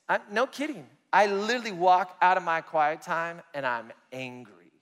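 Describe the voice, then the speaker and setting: Preacher, high tenor, animated storyteller, big hall reverb. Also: male voice, moderate pace. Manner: animated storytelling, swings loud and soft. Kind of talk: sermon testimony.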